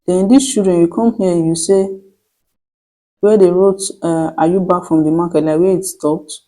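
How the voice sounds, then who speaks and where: Mellow tutorial voice-over host. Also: medium pitch, fairly even intonation, poor audio. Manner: step-by-step instructions with frequent restarts, slowing to dictate prompts. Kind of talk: screen-recorded tutorial voice-over.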